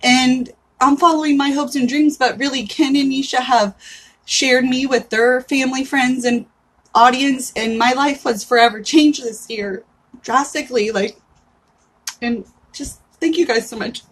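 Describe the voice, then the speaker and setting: A woman in her thirties talks casually to her livestream audience, her voice sitting a little on the high side. She is chatty and candid, peppering her talk with "like" and the odd swear word. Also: steady tone, a little slow. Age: 30s. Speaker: livestream host.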